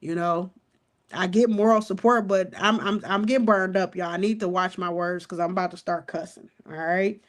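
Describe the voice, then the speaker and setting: A woman in her forties giving fired-up casual commentary on a crime case, outspoken and animated, talking straight to her viewers and cussing as she goes. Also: fairly low pitch, moderate pace. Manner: animated, outspoken, cusses and addresses viewers as y'all.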